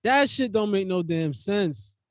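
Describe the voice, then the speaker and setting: Man, podcast host, high voice, profane slang, laughing, dry close sound. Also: lively intonation, a little slow, no room sound. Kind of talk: casual podcast chat.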